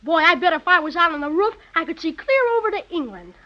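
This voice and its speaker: An actress playing a curious, excitable young boy in an old-fashioned radio play who exclaims period slang. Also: extremely high pitch, fast, heavily acted. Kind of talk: 1930s radio acting. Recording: dull old radio recording.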